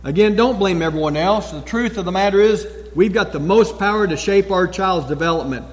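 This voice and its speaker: Man, pastor, sermon, emphatic repetition, dramatic pauses, long church reverb. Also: high-pitched. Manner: emphatic, repeating key phrases with dramatic pauses.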